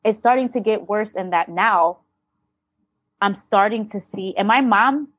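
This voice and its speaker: Woman guest telling her story, blunt and sweary, middle pitch, dry close sound. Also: unhurried, fairly bright tone, no room sound. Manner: blunt and profane, emotional, re-enacts dialogue. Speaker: interview guest. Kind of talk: candid personal storytelling.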